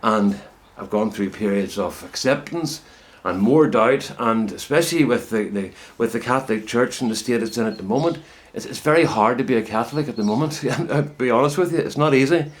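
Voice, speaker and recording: A man's voice: mid-range voice, brisk. A middle-aged man talking casually to camera from his greenhouse, rambling and reflective as he chats about his potato growing. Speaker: home potato grower vlogger. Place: inside a greenhouse.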